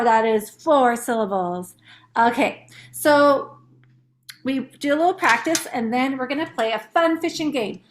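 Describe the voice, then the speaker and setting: A woman teacher chatting casually and upbeat, explaining how she teaches young kids to count syllables. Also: sits high. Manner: chatty, upbeat, demonstrates words slowly in syllables.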